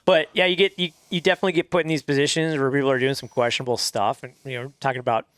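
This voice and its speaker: A man's voice: mid-range voice, fairly even intonation, very fast, a bit bright, no echo. A man co-hosting a podcast, telling a story in a loose, rambling way with many fillers and restarts. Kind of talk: casual podcast chat.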